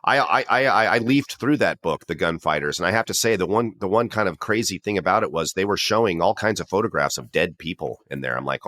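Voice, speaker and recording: A middle-aged man co-hosting a podcast, chatting in an animated way with stammered restarts. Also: deep voice, quick pace, hardly any pauses. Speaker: podcast co-host. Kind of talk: casual chat.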